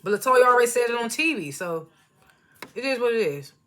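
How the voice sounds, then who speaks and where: A woman's voice: a little high, animated, brisk, fairly bright tone. Chill woman rambling thru a tv recap, slangy, keeps laughing at herself. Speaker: TV show reviewer. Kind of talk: casual chatty recap commentary.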